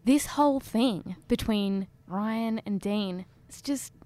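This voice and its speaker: A woman's voice: mid-range voice, takes it slowly, warm tone, no echo. A woman co-hosting a podcast, telling the story of the episode wryly and acting out quotes in a casual chat. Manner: wry, storytelling with acted quotes. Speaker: podcast co-host.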